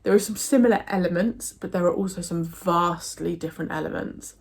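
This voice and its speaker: This young woman from England, a book vlogger, speaks fairly quickly in a lowish, creaky, husky voice with a touch of mellowness. She chats eagerly and casually about her books, stumbling into many fillers and restarts.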